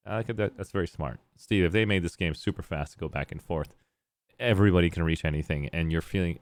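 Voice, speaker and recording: Low-voiced male streamer chatting with chat. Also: no room sound. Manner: rambling, reads chat messages aloud and responds. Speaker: game streamer. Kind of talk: casual live-stream chat.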